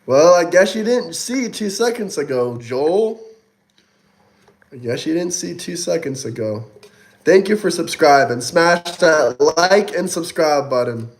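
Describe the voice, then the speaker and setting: A young man chats casually on his livestream and answers viewers one by one. His voice sits fairly high, and his manner is mocking and taunting, with plenty of swearing. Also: lively intonation, unhurried. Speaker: livestream host reading chat.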